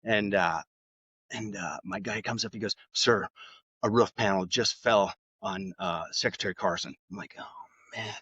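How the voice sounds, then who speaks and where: A middle-aged man, a podcast guest, telling stories in a relaxed way with lots of fillers and restarts. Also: lowish voice, normal speed, breathy edge, no echo. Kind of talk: casual interview storytelling. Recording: slightly dull, dry sound.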